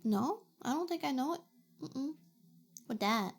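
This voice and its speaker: A woman's voice: sits high, lively intonation, unhurried, gravelly, faint music behind. A young adult woman streamer from Canada, chatting playfully and reacting to her chat. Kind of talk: casual chat.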